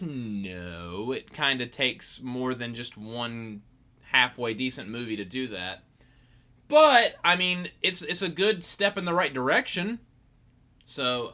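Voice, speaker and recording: With a mid-range voice that sounds pushed and bright, a young podcaster chats solo in a rambling way. Freshly awake and groggy, he keeps poking fun at himself.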